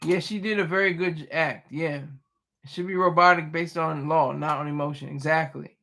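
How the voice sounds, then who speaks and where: A man's voice: fairly high pitch, steady tone, moderate pace, gravelly, pushed and bright. A man hosting a livestream, casually chatting and reading viewer comments with playful teasing and frequent restarts. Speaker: livestream host.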